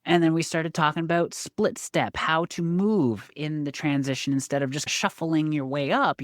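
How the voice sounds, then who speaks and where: A woman's voice: sits low, moderate pace, hardly any pauses, no echo, studio quality. A woman guest and coach speaking in an enthusiastic, motivational way in a casual interview. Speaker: guest, success coach and pickleball coach.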